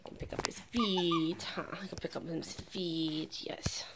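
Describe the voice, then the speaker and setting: A woman's voice: fairly low pitch, fairly even intonation, measured pace. A woman talking casually to a puppy during training, in coaxing baby talk full of praise, often dropping into whispers. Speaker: dog trainer.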